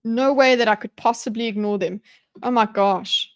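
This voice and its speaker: A fairly high-pitched woman talks to herself as she diagrams on a live stream. Her speech is rambling and full of restarts, and she answers her viewers in a chatty way. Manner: rambling, self-interrupting, chatty with viewers, quick laughs. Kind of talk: thinking aloud while mind-mapping on a live stream.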